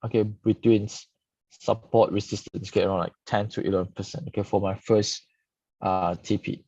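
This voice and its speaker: A man's voice: fairly low pitch, fairly even intonation, moderate pace, vocal fry, mellow, slightly rough, no room sound. A man reviewing stock charts live, peppering his talk with "okay". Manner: frequent "okay" tags, casual explaining. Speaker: stock market analyst host. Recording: dull lo-fi dry sound.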